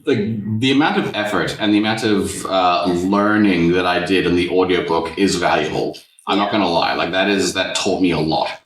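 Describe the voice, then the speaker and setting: A man's voice: on the low side, distant mic. A man, chatting casually and rambling a little as a podcast host. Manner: relaxed, rambling storyteller. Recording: echoey room, a bit off-mic.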